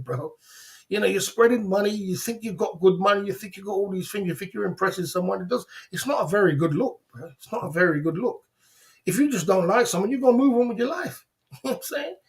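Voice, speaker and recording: A middle-aged man, hosting a livestream and lecturing his viewers bluntly in a casual, repetitive way. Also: high voice. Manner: blunt and lecturing, repeats "you know what I'm saying". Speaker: livestream host.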